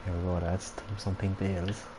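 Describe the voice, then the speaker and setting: A man's voice: deep voice, little pitch movement, normal speed, background noise. A man live-streaming a farming game, joking and bantering with his chat. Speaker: gaming streamer.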